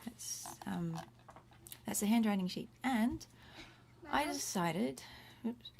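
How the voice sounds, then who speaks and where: A woman's voice: medium pitch, lively intonation, takes it slowly, vocal fry, a little mellow. Chatty woman teaching Latin. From Australia. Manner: chatty, self-interrupting, explains words one by one. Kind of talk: casual livestream lesson. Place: home room. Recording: faint room noise.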